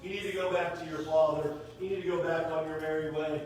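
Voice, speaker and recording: A preacher doing a scornful older brother. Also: male voice, fairly high pitch, fairly even intonation, fast talker, darkish tone, slight background noise, voice pushed down, close to an everyday voice. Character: scornful older brother scolding a young man. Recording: echoey hall, mic from a distance.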